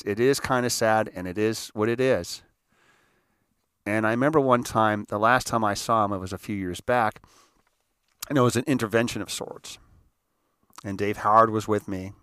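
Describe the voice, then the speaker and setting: An older man tells a personal story in a rambling, emphatic way, often swinging from hushed to forceful. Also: on the low side, smooth, no echo, clean studio sound. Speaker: host.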